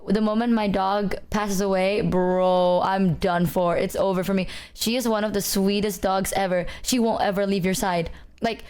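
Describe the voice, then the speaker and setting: In a clean tone at medium pitch and normal speed, a young woman streamer chats away casually. Her storytelling is rambling and animated, full of "like" and "bro."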